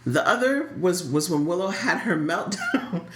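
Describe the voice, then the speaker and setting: Woman co-host, lower voice, lively pitch, word-repeating starts, roomy echo. Casual podcast chat. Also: moderate pace. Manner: animated, repeats words when starting sentences. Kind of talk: casual chat about a soap opera.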